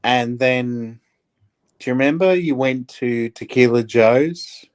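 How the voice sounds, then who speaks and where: A man's voice: medium pitch, slow pace, clean tone. A man chatting on a live stream as a guest, asking pointed questions with a wry sense of humor. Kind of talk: casual chat.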